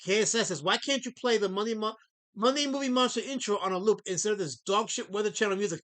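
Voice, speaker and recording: A man's voice: high voice, fast, a bit bright. A middle-aged man who creates comics, chatting casually on a live stream, rambling with many fillers and snapping back at his chat.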